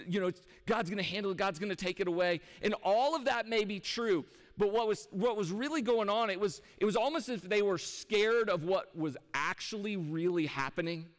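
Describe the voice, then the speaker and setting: A male pastor with a notably high voice delivers a sermon in an easy, conversational way, often turning to the congregation with questions. His words ring out with a long reverb from a large church hall. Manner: conversational, with rhetorical questions to the audience. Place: church sanctuary.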